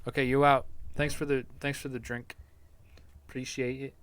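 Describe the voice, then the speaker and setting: A man's voice: medium pitch, flat delivery, moderate pace, fairly bright tone, clear, resonant tone. A man hosting a podcast, rambling crudely and laughing at his own jokes in a casual comedic rant. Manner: rambling, profane, self-amused. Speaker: podcast host.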